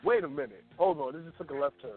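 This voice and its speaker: A man hosts a radio show with a lively, swooping delivery, needling his guest with mock disbelief. He sits somewhat above the usual male pitch and sounds thin and phone-like. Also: quick pace, slightly rough, soft background music. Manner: teasing, mock-incredulous. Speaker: radio co-host. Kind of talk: comedic radio banter. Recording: tinny phone-like line.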